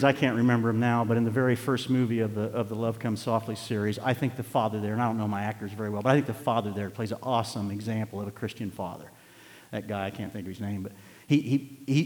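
An older male pastor preaches in a folksy storytelling manner, now and then rising into loud, emphatic preaching. His voice sits at a middle pitch, and the long reverb of a large hall trails after each phrase. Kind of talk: sermon.

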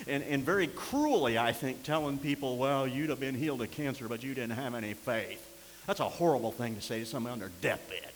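An older man preaching a sermon as pastor, swinging from impassioned near-shouts down to quiet, low storytelling. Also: a little fast. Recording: long hall reverb with faint hiss.

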